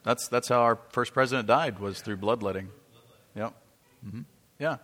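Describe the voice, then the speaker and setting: With long hall reverb around him, a male pastor delivers a sermon at a moderate pace in a mid-range, fairly bright voice. He's earnest and repetitive, frequently restarting phrases and asking the audience questions.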